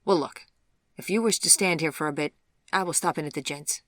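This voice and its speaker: A woman voicing a proper, skeptical young gentleman in an audiobook, speaking politely but dismissively in formal phrases. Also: on the high side, a little fast, no echo. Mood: wry. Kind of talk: audiobook character voice.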